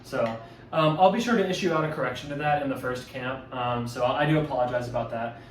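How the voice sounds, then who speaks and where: A man's voice: mid-range voice, quick pace, slight background noise. Casual male drum instructor in echoey room. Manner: loose and conversational, many fillers and self-corrections. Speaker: drumline instructor. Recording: echoey room, mic at a distance.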